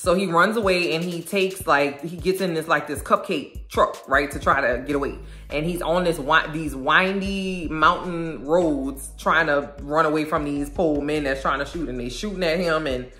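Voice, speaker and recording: A woman casually recapping a show episode in an animated, slangy way, acting out the characters' lines. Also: low-pitched, normal speed, hardly any pauses. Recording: echoey room, faint music.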